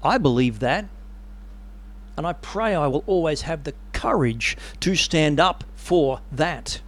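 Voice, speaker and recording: Animated male preacher. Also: a little high, slow pace. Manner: animated storytelling, dramatic. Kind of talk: sermon.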